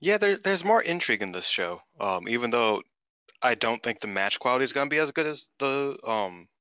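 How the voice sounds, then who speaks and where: A man co-hosting a podcast in casual chat, rambling and excitable, swearing freely. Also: medium pitch, a little fast, clean tone, no echo, muffled recording. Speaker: podcast co-host.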